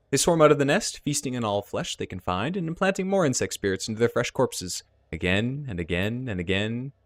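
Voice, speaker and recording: A man voicing a theatrical, excitable male elf who explains insect spirits with relish. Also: mid-range voice, no echo, natural voice. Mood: grave.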